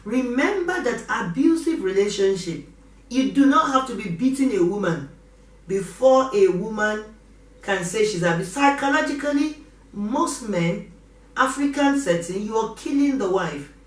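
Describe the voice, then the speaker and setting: A woman's voice: a little high, expressive, unhurried. A middle-aged woman pastor, preaching with passion and repeating her pleas. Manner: impassioned, repeats exhortations. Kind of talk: preaching sermon. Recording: roomy echo from a distance.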